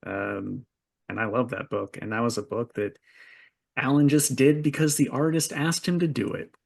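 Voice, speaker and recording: A man co-hosting a podcast in casual chat, giving easygoing, measured opinions. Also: medium pitch, fairly even intonation, gravelly. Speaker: podcast co-host.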